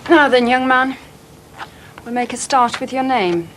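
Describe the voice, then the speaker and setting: An actress playing a stern, brisk woman official questioning a young man. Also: high-pitched, a bit bright, slight background noise. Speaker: actor. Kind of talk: 1990s TV drama acting.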